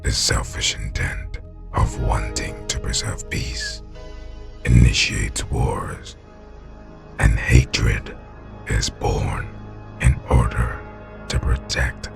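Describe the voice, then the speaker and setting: A man voicing a menacing male anime villain, calm and bleak, speaking slowly in a low half-whisper. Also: vocal fry, over music, full character voice. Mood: grim. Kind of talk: voice impression.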